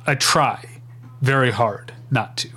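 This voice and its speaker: A man's voice: mid-range voice, takes it slowly, bright, forceful tone. A man from Saint Louis with a Saint Louis accent, co-hosting a casual podcast chat and often stumbling over his words. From Saint Louis, Midwest. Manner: hesitant, repeats words and restarts, self-deprecating. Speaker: podcast co-host. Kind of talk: casual chat recapping a sitcom.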